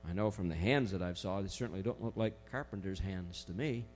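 A man preaching a sermon in a conversational way, slowing down to stress key phrases. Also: low voice, darkish tone, faint music behind. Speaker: pastor.

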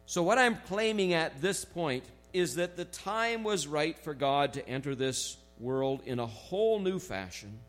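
A man preaching a sermon in a conversational way, slowing down to stress key phrases. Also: on the high side, lively intonation, fairly bright tone, faint music behind. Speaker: pastor.

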